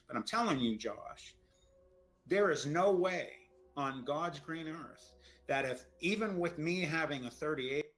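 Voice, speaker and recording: A man's voice: fairly high pitch, measured pace, fairly bright tone, poor audio. A middle-aged man telling a frightening story, shaken and stammering, repeating his words as he goes. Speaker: storyteller recounting an encounter. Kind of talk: emotional first-person storytelling.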